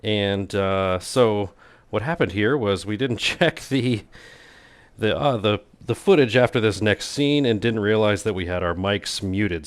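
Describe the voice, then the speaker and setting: A man's voice: on the low side, unhurried, no echo. A man hosting a casual cooking video, talking in a playful, goofy way with self-mocking jokes. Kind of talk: casual cooking vlog narration.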